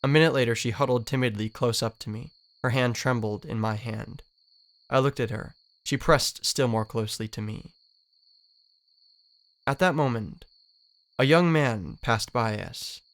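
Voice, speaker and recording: A man's voice: mid-range voice, a little slow, a bit bright. A man reading as a lovesick, lonely young male dreamer, with an earnest, wistful literary delivery. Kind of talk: dramatic reading of a novel.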